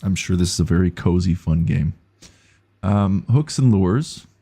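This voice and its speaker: A male game streamer talks casually through his playthrough and reads out viewer messages as they come in. His voice is low, dark and mellow, with a gravelly, husky grain. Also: a little slow. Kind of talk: casual gaming commentary.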